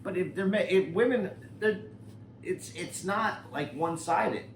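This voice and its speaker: A man's voice: sits high, measured pace. A man co-hosting a casual podcast who cuts in with short, questioning remarks. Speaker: podcast co-host. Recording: roomy echo with faint noise.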